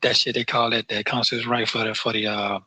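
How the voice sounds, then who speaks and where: A man's voice: on the low side, little pitch movement, quick pace, bright, forceful tone, slightly rough, no echo. A man calling from jail on the phone, frustrated and repetitive, swearing as he talks. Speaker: jail inmate on a phone call. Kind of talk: casual phone conversation.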